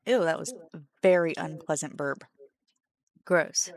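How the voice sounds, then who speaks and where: A woman's voice: low voice, a little slow, no room sound, clean studio sound. A woman co-hosting a game stream, chatting bluntly and with playful drama. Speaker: streamer co-host. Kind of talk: casual chat while gaming.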